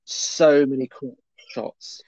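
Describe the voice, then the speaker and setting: A man co-hosting a casual film review chat, incredulous and quick to laugh. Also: mid-range voice, steady tone, darkish tone, dry recording. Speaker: podcast co-host. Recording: slightly dull lo-fi mic.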